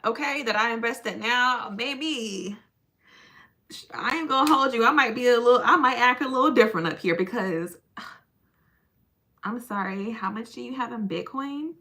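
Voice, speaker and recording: A woman's voice: a little high, moderate pace, bright, forceful tone. Laughing, chatty woman streamer. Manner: chatty and playful, laughs often, teases viewers. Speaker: livestream host. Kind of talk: casual livestream chat with viewers.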